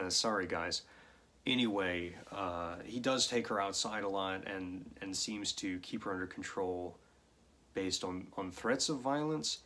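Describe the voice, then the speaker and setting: A man's voice: low voice, a bit bright. A man giving a casual film review, talking through the plot with dry, sardonic asides.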